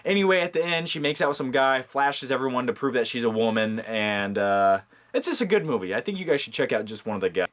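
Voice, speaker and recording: A man's voice: medium pitch, expressive, quick pace, fairly bright tone. A man in a casual, comedic movie vlog, jokey and rambling with lots of fillers. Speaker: movie vlogger.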